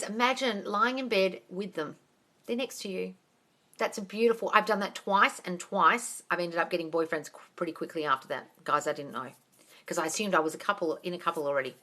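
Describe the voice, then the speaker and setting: A woman coaching viewers on manifesting during a casual live Q&A, blunt and full of swearing, calling everyone darling and swinging between loud excitement and low asides. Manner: blunt, swears freely, calls listeners darling. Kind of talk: casual live Q&A, reading out comments.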